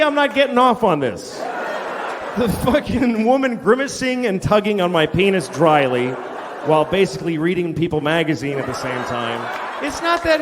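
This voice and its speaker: A man doing crude, exasperated stand-up, his pitch lifting high and swooping around as he rants. He is recorded live in a large, reverberant hall, with a laughing crowd and steady noise behind him. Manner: crude, exasperated storytelling with swings into loud rants. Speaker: stand-up comedian. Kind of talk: stand-up comedy routine. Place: comedy stage before a live audience.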